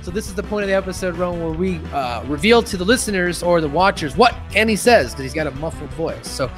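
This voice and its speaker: Man, podcast host, casual chat, animated recapping, lively intonation. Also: fast, music in the background. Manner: animated episode recapping with lively pitch swings.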